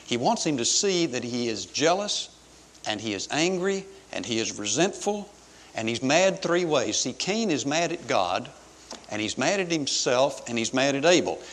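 A man preaching a sermon in an earnest, measured way, with pauses between phrases. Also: mid-range voice, very animated, fairly bright tone. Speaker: pastor. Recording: long hall reverb.

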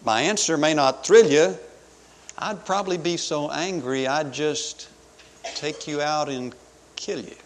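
A man's voice: on the high side, unhurried, slight background noise, lightly acted. A man voicing Cain as a boastful, brash farmer, reciting his lines in a sing-song rhyming brag. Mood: defiant. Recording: long hall reverb.

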